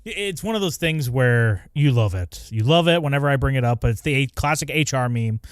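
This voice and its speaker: A young man co-hosting a casual chat, relaxed and rambling with many fillers. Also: mid-range voice, brisk, clean tone, no room sound, studio quality. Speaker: podcast co-host. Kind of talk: casual comic book discussion.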